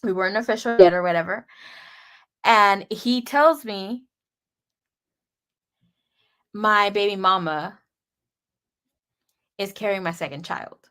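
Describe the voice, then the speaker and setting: A woman's voice: mid-range voice, takes it slowly, long pauses, a bit bright, smooth. A young woman tarot reader talks straight to her viewers in a loose, chatty way. She is candid and dramatic, and she swears often as she tells her story. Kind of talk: casual personal storytelling.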